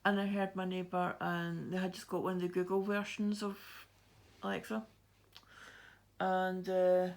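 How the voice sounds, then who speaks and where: A woman with a Fife Scottish accent talks in a relaxed, chatty way while she stitches. Her voice has a gravelly, fry-edged texture, and she often laughs as she rambles through her anecdotes. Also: on the low side, measured pace. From Scotland. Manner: rambling, laughs often, many fillers and restarts. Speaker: cross-stitch vlogger.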